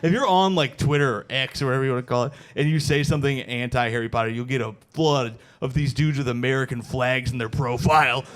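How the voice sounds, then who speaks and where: A man in his thirties doing a stand-up comedy set on a stage mic, loose and chatty, calling the crowd "dude" and breaking into loud shouted impressions. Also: mid-range voice, fast talker, hardly any pauses. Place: comedy show before a live audience.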